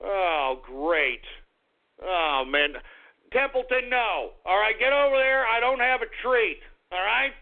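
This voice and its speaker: Exasperated high-voiced man on tinny radio. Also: animated, slow. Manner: exasperated, rambling, repeats himself, addresses listeners as folks. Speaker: radio show host. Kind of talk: comedic radio rant. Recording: tinny phone-like radio audio.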